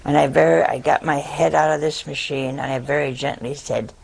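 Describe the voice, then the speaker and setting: A woman's voice: low voice, steady tone, brisk, gravelly, a little mellow, slight background noise. An older woman, a nun, telling a humorous folksy story to an audience. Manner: humorous, folksy anecdote with laughs. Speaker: nun giving a talk.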